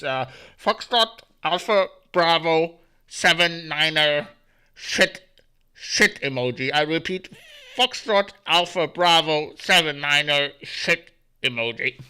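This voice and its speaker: Guy putting on a cop radioing in a speeder, stop-start, kinda loud. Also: a little high, clean tone, exaggerated voice. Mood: urgent. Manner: halting radio dispatch call. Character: male police officer calling in on radio.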